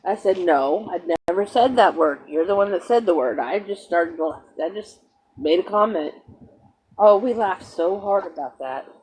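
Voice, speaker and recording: A woman's voice: lowish voice, animated, normal speed, darkish tone, slight background noise. A middle-aged woman hosting a livestream, telling stories in casual chat and greeting viewers. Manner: chatty storyteller, greets viewers. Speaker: livestream host.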